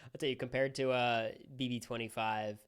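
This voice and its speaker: A young man hosting a casual livestream chat, giving quick, opinionated takes. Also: medium pitch, flat delivery, smooth. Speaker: streamer host.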